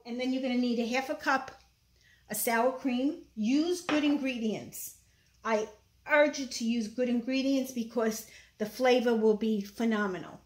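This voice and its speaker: Brooklyn woman, a bit high-voiced, opinionated home cook chatting over clattering pots. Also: a little hiss or hum. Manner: chatty, opinionated, frequent fillers. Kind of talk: casual cooking demonstration. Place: home kitchen. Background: clattering dishes and utensils.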